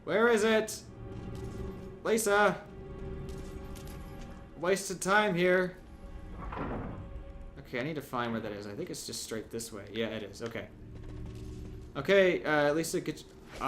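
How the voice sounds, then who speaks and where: A young man commentating a video game playthrough, chatty and jokey, with sudden loud yelps. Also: mid-range voice. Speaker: gameplay commentator. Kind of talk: let's play commentary.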